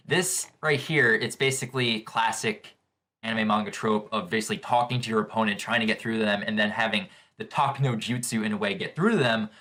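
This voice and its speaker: A man hosting a casual live reaction to a manga chapter, gushing with excitable exclamations as he reads along. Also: medium pitch. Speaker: manga reaction channel host.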